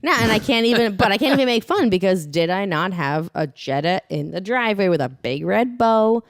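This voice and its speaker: A woman's voice: mid-range voice, expressive, a little fast, no room sound, clean studio sound. A young adult woman co-hosting a podcast, a blunt, rambling storyteller who laughs often in casual chat. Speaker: podcast co-host.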